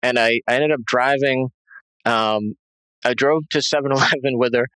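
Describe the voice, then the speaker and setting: A man giving a halting, rambling personal testimony as an interview guest, full of fillers and restarts. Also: mid-range voice, steady tone, fairly bright tone, clear, resonant tone, dry recording, poor audio.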